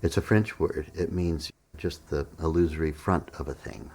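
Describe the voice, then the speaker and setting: Deep-voiced man telling a funny story. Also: normal speed, few pauses, a little mellow, breathy edge. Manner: self-deprecating, acts out quoted dialogue, chuckles often. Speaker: meditation teacher telling a personal story. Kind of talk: storytelling monologue.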